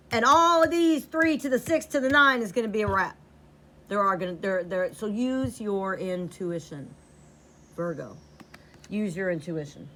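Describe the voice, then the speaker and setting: A woman's voice: mid-range voice, a bit bright, slight background noise. A woman giving a tarot reading to camera, blunt and profane, repeating lines for emphasis. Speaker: tarot reader.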